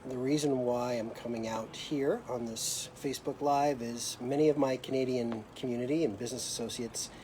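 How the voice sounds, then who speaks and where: A man's voice: mid-range voice, steady tone, moderate pace, few pauses, dark tone, a little hiss or hum. A middle-aged American man hosting a live video, telling a personal story in a reflective, hesitant way with many fillers and restarts. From United States.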